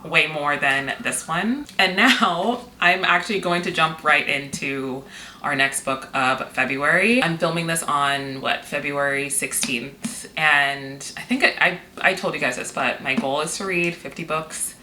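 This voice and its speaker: A woman's voice: sits low, a little slow, pushed and bright. A woman in her thirties from Seattle, chatting candidly in a casual vlog, recorded on the camera mic in a room at home. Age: 30s. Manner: chatty, candid, swears and laughs easily. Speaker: vlogger. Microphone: camera mic, external mic not used. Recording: echoey room with faint noise.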